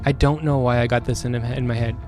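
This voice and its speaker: A man's voice: medium pitch, fairly even intonation, fairly quick, faint music behind. A man streaming and chatting casually, reading out chat comments and rambling through his thoughts with frequent restarts. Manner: rambling and self-questioning, with many restarts; grows louder and more heated later on.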